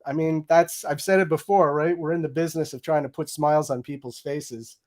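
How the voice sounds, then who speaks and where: A man's voice: fairly high pitch, steady tone, fairly quick, darkish tone. A middle-aged man telling a story with energy in an interview, acting out his own quoted lines. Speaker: guest, game audio director.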